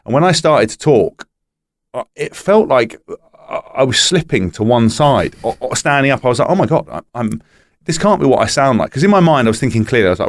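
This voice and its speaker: A man's voice: medium pitch, big pitch swings, fairly quick, no echo, studio quality. A retired rugby player, a man, telling stories in casual podcast chat, swearing freely and restarting often. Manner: chatty storyteller, swears freely, frequent restarts.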